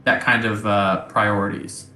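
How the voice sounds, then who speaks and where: A man's voice: fairly low pitch, level tone, measured pace, pushed and bright, echoey room, soft background music, poor audio. A man running a tabletop game as game master, explaining rolls in an easygoing way with fillers.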